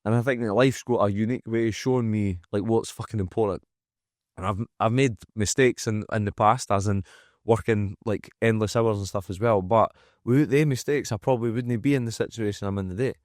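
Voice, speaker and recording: This gym owner from Scotland speaks fairly quickly in a low, darkish voice with no room sound, guesting on a candid podcast. He's blunt and forceful, curses without restraint, and mimics other people's words, all captured in dry, close-miked studio audio.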